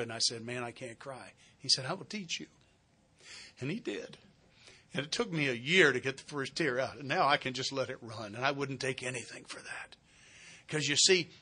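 A man's voice: mid-range voice, pushed and bright. A middle-aged man speaking at a recovery retreat, earnest and heartfelt, sharing his own story with wry humor. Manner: plain-spoken with wry humor. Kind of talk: personal sharing talk. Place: retreat center meeting hall.

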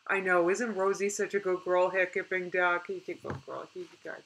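A young woman chatting casually on a live stream, reading out viewer comments in an animated way and laughing often. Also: fairly low pitch, normal speed, creaky, a little hiss or hum, low-quality recording.

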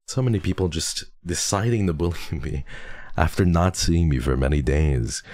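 A man with an extremely low voice chats with his stream audience, stuffy and sniffling from a cold. He is playful and teasing and laughs often. The sound is close and dry, with no room around it. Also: moderate pace, a little mellow, dry recording. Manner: playful, teasing, laughs often, mixes in Tagalog and Korean endearments. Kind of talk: casual chat with chat readers.

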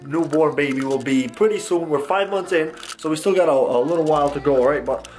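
A young man chatting excitedly to his viewers in a casual vlog. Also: a little high, a little fast. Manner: upbeat, chatty, talks to the viewers. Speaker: vlogger.

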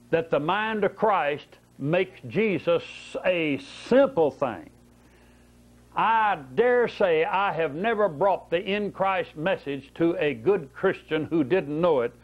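A man preaching a Bible-study sermon, telling folksy stories and asking rhetorical questions. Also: a little high. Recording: dull lo-fi tape recording.

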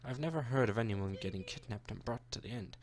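A man voicing a bargaining male town governor in a video game, reading the character's dialogue in a gruff, haggling way. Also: fairly low pitch, quick pace, darkish tone, a little hiss or hum, natural voice.

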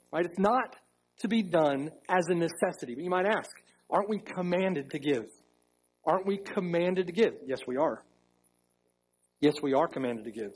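Emphatic high-voiced preacher, husky tone. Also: male voice, darkish tone, poor audio. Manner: emphatic preaching, repeats key phrases, slows for stress. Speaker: pastor. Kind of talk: sermon. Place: church sanctuary.

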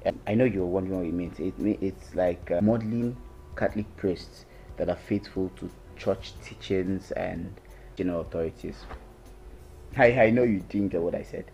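An actor with a Nigerian accent playing an earnest young seminarian who calmly explains and gives advice. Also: male voice, deep voice, moderate pace. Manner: calm, explaining, gently lecturing. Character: earnest young male seminarian, patient and advising.

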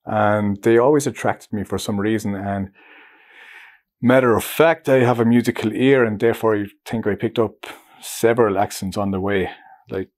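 A man's voice: fairly low pitch, steady tone, moderate pace, a little mellow. A German man with an Irish accent, chatting casually and with self-mockery as an interviewee in a documentary, now and then searching for an English word. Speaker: interviewee, musician.

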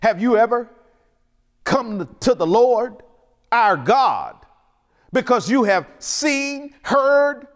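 A man preaching a sermon as pastor, with a Southern American accent, building fervor with dramatic pauses. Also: very high-pitched, a bit bright. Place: church sanctuary. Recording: long reverb of a church hall.

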